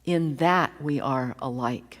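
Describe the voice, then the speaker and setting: A woman minister giving a sermon in a slow, deliberate, reflective way, from a church sanctuary. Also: extremely low pitch.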